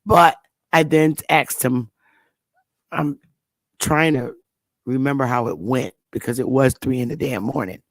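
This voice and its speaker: A woman's voice: a bass voice, a little slow, pauses often, dry recording. A woman hosting her own channel, telling a rambling story in a casual monologue, often repeating and restarting words. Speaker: channel host.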